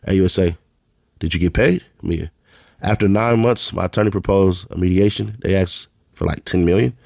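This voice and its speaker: Deep-voiced man reading court transcripts. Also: normal speed, gravelly, darkish tone, dry recording, clean studio sound. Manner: plain read-aloud, announcing each speaker's label before their lines. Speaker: channel host reading court testimony. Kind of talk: reading a trial transcript aloud.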